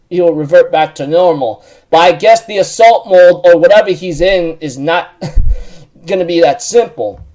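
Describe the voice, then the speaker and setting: A man's voice: high-pitched, darkish tone. A man casually recapping a manga chapter for his channel, rambling with lots of fillers and self-corrections.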